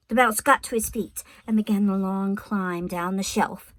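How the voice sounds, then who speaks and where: A woman teacher reading a storybook aloud to her class, in an expressive, unhurried way. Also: mid-range voice, dry recording.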